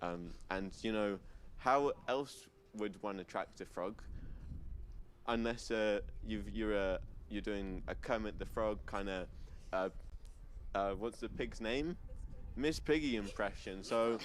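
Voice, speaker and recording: A man's voice: on the low side, slow. A young man doing a stand-up set on a student stage, stammering, giggling and self-deprecating. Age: young adult. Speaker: stand-up comedian. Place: student comedy stage before a live audience.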